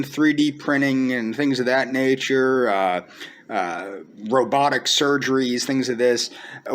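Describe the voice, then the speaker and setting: A man around forty giving a testy, combative solo monologue, sarcastic and full of emphatic repetition. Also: mid-range voice. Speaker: vlogger. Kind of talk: unscripted ranting monologue.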